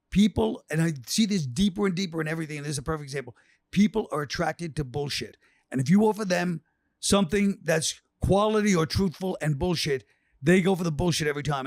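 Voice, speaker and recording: A man tells stories in a quick, casual rush and acts out quoted lines. His voice sits a bit high for a man. The sound is dry and close, with no room echo. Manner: rambling storyteller, acts out quotes. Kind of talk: casual chat.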